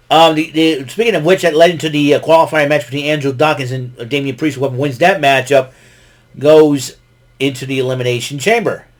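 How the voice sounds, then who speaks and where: Man host, fairly high voice, loose rambling recap full of fillers and chuckles. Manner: rambling, many fillers and restarts, chuckles often. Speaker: podcast host recapping wrestling. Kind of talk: casual recap monologue.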